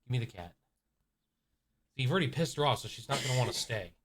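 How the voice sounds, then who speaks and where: A man's voice: medium pitch, animated, fast talker, a bit bright, slight background noise. A man live-streaming from a room at home, chatting playfully with his viewers and his cat. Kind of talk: casual live-stream chat.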